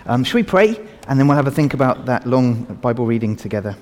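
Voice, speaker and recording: A fast-talking man of medium pitch preaches to all ages in a church hall full of reverb. He's lively, asking the congregation questions before leading a prayer.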